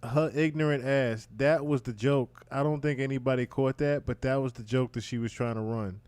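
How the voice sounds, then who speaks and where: A man talks through a reaction video in a casual, blunt way. He sounds incredulous and exasperated, and his voice sits at an ordinary middle pitch. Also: steady tone, moderate pace, a little mellow, clean tone, no room sound. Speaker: commentary host.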